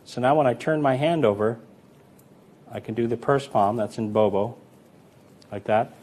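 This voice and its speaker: With a medium-pitched, slightly breathy voice at a moderate pace, a man casually teaches a coin sleight-of-hand routine. He counts the coins aloud as he demonstrates and, in a relaxed, conversational way, tells anecdotes about older magicians, acting out their quotes.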